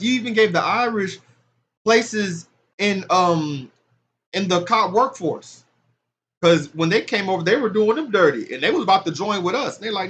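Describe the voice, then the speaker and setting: A man's voice: sits high, expressive, moderate pace, fairly bright tone. A man giving impassioned, casual commentary on scripture, talking in loose street speech that rises into emphatic preaching. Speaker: religious commentator.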